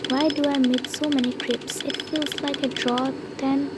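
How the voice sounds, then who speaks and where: A woman's voice: high-pitched, flat delivery, measured pace, very noisy. A woman, commenting nervously on a horror game as she plays, often dropping to a whisper and pleading. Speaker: gamer playing a horror game. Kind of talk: casual gameplay commentary. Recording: loud typing and clicks behind.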